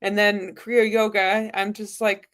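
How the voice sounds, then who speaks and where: A woman's voice: medium pitch, little pitch movement, measured pace, fairly bright tone. A woman co-hosting a casual spiritual chat, reading viewer comments, giggling and agreeing often.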